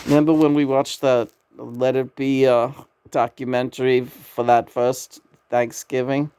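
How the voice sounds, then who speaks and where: A woman's voice: rumbling low, level tone, measured pace, warm tone, clean tone. A woman in a casual spiritual vlog at home, laughing often and playfully talking to unseen spirits. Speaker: tarot vlogger. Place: home bedroom.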